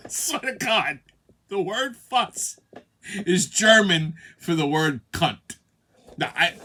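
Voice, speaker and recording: Male comic host, bright tone, somewhat high; profane, laughs at own bits. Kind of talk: comedic monologue podcast.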